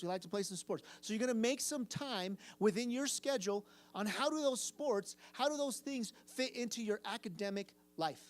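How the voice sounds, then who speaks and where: A man giving a casual youth group sermon to a live audience in a room. He quizzes the listeners and repeats phrases for emphasis. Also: high-pitched. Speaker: youth pastor.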